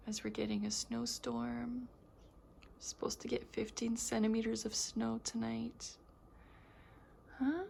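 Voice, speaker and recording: A woman vlogging casually from her home kitchen, chatty and emotional, sometimes dropping to a soft whisper. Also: a little high, level tone, takes it slowly, vocal fry, long pauses, slight background noise. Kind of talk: casual home vlog chat.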